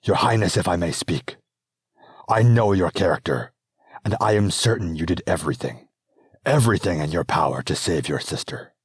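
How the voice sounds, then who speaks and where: A man's voice: sits low, expressive, moderate pace, husky, dry recording, studio quality, exaggerated voice. A man reading an audiobook, voicing a loyal knight who speaks in an earnest, deferential way.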